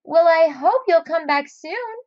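A woman's voice: extremely high pitch, animated, measured pace, no echo, lo-fi sound, voice pushed up. A woman voicing a determined, cheerful little male snail in a storybook reading. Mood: kindly.

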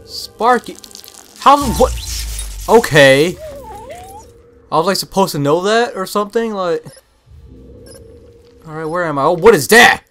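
A young man talking casually over his gameplay, exclaiming at each surprise and puzzling out loud. His voice sits a little high and sounds bright and forward. Game music runs faintly underneath. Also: unhurried, pauses often. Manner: excitable, confused exclamations. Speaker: gameplay commentator. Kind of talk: casual let's-play commentary.

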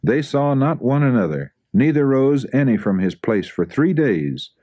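Man, solemn religious narration, lively rising and falling pitch, warm dark tone. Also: normal speed, dry recording, muffled recording. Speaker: audiobook reader. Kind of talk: scripted narration of a religious book.

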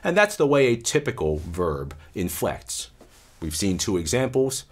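Lively-voiced male language lecturer. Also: lowish voice. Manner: measured, explanatory, checks in with "right?". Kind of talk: recorded linguistics lecture.

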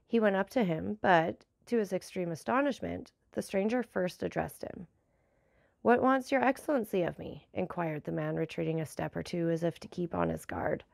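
A woman narrating a classic novel aloud, measured and lightly voicing the dialogue. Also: fairly low pitch, sing-song, gravelly, darkish tone, no echo, studio quality. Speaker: audiobook narrator.

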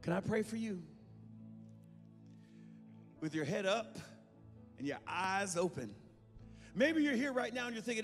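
A man preaching an altar call to a congregation, fervent and rising to shouts, recorded live in a church. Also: high voice, animated, a little slow, pauses often. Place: large church sanctuary. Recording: live in a reverberant church with music.

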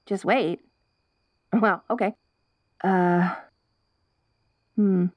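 A woman's voice: medium pitch, steady tone, very slow, dry recording, dull audio. A young woman voicing a perky, curious wolf girl in an ASMR role-play, bubbly and giggly with restless chatter.

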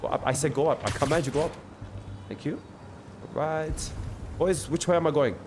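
A man streaming a video game, chatting excitedly and joking with his viewers. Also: on the high side, moderate pace. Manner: excitable, jokey, talks to chat. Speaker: gaming streamer. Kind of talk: live gameplay commentary. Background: game music.

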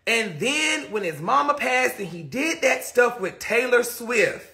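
Woman live-stream host, sharp and bright in tone, profane, emphatic, chatty with viewers. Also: on the high side, expressive, measured pace. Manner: rambling with many repeated fillers. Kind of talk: casual live-stream chat reading viewer comments. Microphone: phone or webcam on a live stream.

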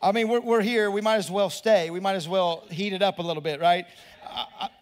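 A middle-aged man with a drawl preaches a sermon in a high voice for a man. He talks to the crowd like a friend, doubles back over his words and keeps asking them questions. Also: fairly quick. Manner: conversational, repeats words, asks the crowd questions. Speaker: pastor.

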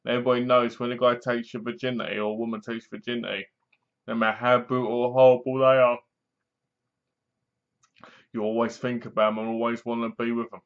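A man talks through a film review in a loose, rambling way, dropping wry asides as he goes. His voice sits at an ordinary middle pitch. The recording is dull and lo-fi, like a cheap home mic. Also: level tone, a little fast, long pauses, clear, resonant tone. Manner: rambling, chatty, wry humor. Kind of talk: casual spoken movie review.

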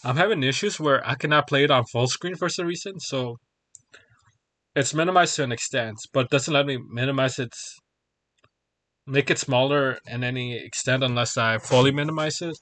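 A man's voice: medium pitch, normal speed, a bit bright. A man chatting casually on a game livestream, rambling and chuckling as he sorts out technical problems. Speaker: gaming streamer.

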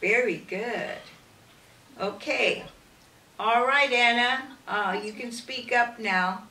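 A woman's voice: on the high side, slow, pushed and bright, roomy sound, recorded from a distance, low-quality recording. A woman interviewing children at a church, encouraging them with short questions. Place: church room.

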